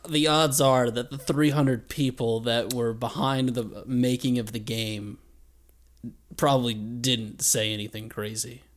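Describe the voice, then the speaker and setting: A man's voice: medium pitch, fairly even intonation, measured pace. Male podcast co-host, mid-range voice, giggly and teasing, casual banter. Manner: laughs often, playful teasing. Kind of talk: casual comedic chat.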